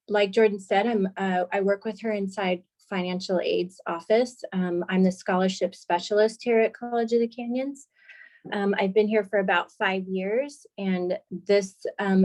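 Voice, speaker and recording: A woman's voice: medium pitch, darkish tone. A woman working as a college scholarship specialist, giving an informational presentation on a video call in a friendly, explanatory way with frequent filler words.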